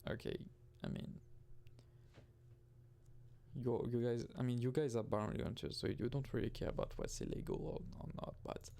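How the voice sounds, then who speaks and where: Young man gamer, rambling and self-interrupting, gravelly fry, mid pitch. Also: normal speed, pauses often, dark tone. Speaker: gaming video host. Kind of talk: casual gameplay commentary.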